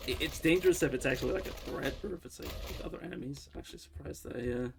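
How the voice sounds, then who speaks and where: A man's voice: medium pitch, very fast, gravelly, background noise. A man casually commenting on his own game as he streams, rambling and often correcting himself. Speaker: livestreamer playing a game.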